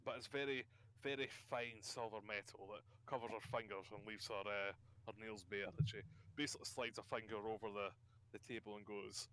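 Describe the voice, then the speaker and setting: A man's voice: on the low side, steady tone, brisk, pushed and bright, slight background noise. A man narrating as game master of a tabletop game, rambling and restarting his sentences. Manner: rambling, full of restarts and fillers.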